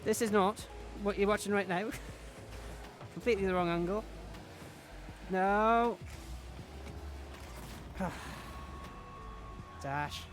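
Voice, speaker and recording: A man's voice: sits high, fairly even intonation, slow, pauses often, faint music behind. A man chatting in a rambling, self-mocking way while commentating his own gameplay on a stream. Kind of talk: casual game-stream commentary.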